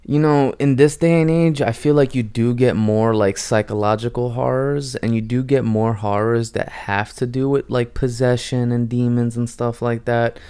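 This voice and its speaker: A man's voice: medium pitch, steady tone, normal speed, hardly any pauses, mellow, smooth. A young man giving a casual, rambling film review, full of fillers, who acts out lines from the movies as he goes.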